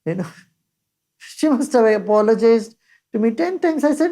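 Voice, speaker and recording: An older woman giving a measured spiritual discourse as a teacher, reciting scripture verses along the way. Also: fairly high pitch, lively intonation, mellow.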